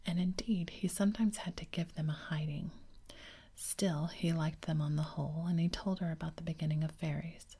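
Woman whispering a storybook, breathy and low. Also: a little mellow. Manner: slow, soothing, unhurried. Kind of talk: whispered ASMR story reading.

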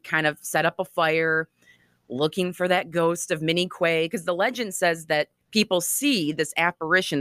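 Woman guest, low voice, dry close sound, chatty and animated storyteller. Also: no echo. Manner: animated, chatty, laughs often. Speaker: author and guest. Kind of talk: conversational storytelling interview.

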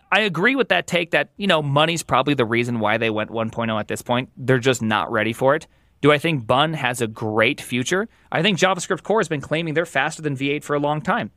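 A man as a podcast guest, a software engineer talking through opinions in animated, emphatic, rambling chat. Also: fairly high pitch, no room sound, clean studio sound. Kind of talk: casual opinionated tech chat.

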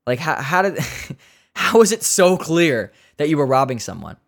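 A man's voice: a little high, sing-song, normal speed, vocal fry. A man hosting a podcast, chatting casually in a rambling, joking way with some swearing. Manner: rambling, jokey, swearing, laughing at his own asides. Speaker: podcast host. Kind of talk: casual solo podcast chat.

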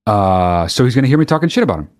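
A man's voice: lowish voice, very animated, rapid-fire, darkish tone. A man hosting a solo podcast, ranting in a heated, profane way and often restarting his sentences. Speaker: podcast host. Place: very hot recording space.

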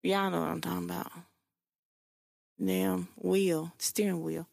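A woman's voice: on the low side, flat delivery, a little slow, gravelly, darkish tone, no room sound, studio quality. A young woman hosting her own podcast in loose, profane, chatty talk full of slang and fillers. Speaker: podcast host. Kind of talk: casual solo podcast talk.

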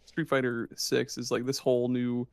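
A man co-hosting a casual podcast, excited and swearing freely. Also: medium pitch, moderate pace, creaky, smooth, no room sound, clean studio sound. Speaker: podcast co-host. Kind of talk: casual chat.

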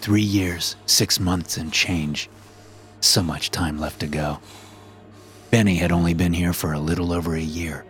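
A man narrating a first-person story in a measured, dramatic way. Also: sits low, steady tone, a bit bright. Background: background music.

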